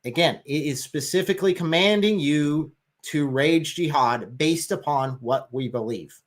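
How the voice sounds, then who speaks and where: A man's voice: fairly high pitch, a little slow. A man making his case in a livestream discussion, emphatic and sarcastic at times.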